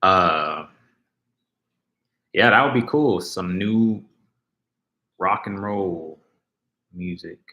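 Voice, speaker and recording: Deep-voiced man chatting on a livestream. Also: extremely slow, long pauses, pushed and bright, echoey room. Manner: rambling, reads chat comments aloud. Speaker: livestream host. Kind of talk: casual livestream chat.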